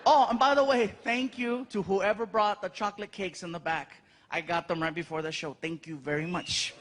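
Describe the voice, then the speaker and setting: A middle-aged man performing stand-up on a theater stage, telling a story with lively acted-out voices and loud yelps. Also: moderate pace. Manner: animated, acts out characters with loud high yelps. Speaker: stand-up comedian.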